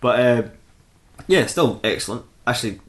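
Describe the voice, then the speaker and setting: A man's voice: medium pitch, lively intonation, moderate pace, a bit bright. A man co-hosting a podcast, chatting casually and enthusiastically, laughing a lot and swearing freely. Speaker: podcast co-host. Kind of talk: casual chat.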